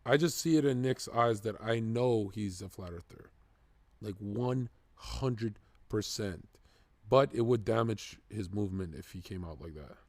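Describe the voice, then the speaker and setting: A man streaming live, reacting to clips with excitable, profane, joking rants. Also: on the low side, measured pace, no room sound.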